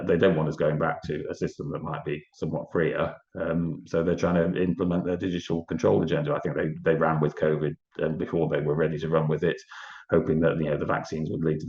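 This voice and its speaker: Fast-talking, deep-voiced British man. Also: little pitch movement, a little mellow. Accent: British English. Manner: earnest, quick, with many restarts. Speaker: political party guest. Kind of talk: conversational interview. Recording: echoey, dull lo-fi audio.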